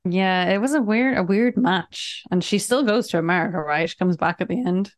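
A woman co-hosting a casual movie-review podcast, agreeable and quick to laugh. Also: medium pitch, no room sound, clean studio sound. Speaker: podcast co-host.

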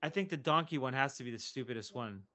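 A man co-hosting a casual comedy podcast, telling animated stories and swearing freely. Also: medium pitch, fast talker. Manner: animated storyteller, swears freely, slips into joke voices. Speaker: podcast co-host.

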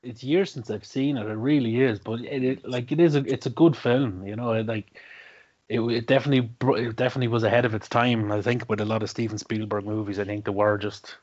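A man's voice: mid-range voice, fairly even intonation, a little fast, a little mellow. A man co-hosting a movie chat in an easygoing, joking way. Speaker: podcast co-host. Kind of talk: casual chat. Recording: dull, muffled audio.

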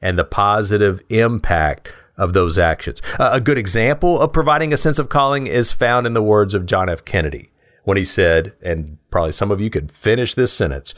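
A man co-hosting a podcast, explaining ideas in a measured, thoughtful way and laughing easily. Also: fairly low pitch, fairly bright tone. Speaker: podcast co-host.

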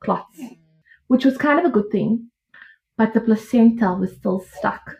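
Animated high-voiced woman telling a story. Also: a little slow, creaky. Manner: animated, laughing, acts out her own past lines. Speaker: podcast guest. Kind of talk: casual birth story telling. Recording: dull lo-fi audio.

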